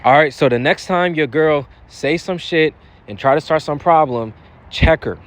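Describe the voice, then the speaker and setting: A man's voice: on the high side, moderate pace. A young man giving blunt, profane dating advice in a casual monologue, often repeating and restarting his phrases.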